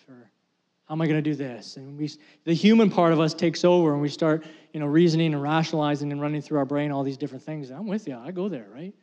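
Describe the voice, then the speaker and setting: A man's voice: a little mellow, big-room sound. A man preaching a sermon as pastor, emphatic and repetitive, rising to intense passages. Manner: emphatic preaching, repeating key phrases, rising to high intensity.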